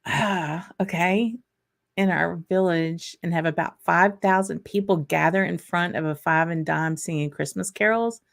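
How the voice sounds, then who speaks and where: This livestream host is a woman from Arkansas with a Southern accent and a fairly low, measured voice touched by vocal fry. She chats casually and rambles, reading viewer comments aloud amid plenty of fillers and laughter.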